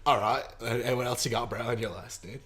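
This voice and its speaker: A man's voice: mid-range voice, fairly even intonation, fairly quick, a bit bright. Teasing man co-hosting a podcast. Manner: teasing, sarcastic, crude. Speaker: podcast co-host. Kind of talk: casual joking chat.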